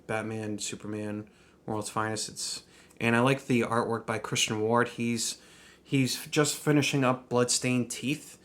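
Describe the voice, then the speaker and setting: A man chatting casually in a vlog, talking warmly, restarting his sentences and laughing often. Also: medium pitch, fairly even intonation, measured pace. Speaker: comic book vlogger. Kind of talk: casual chat.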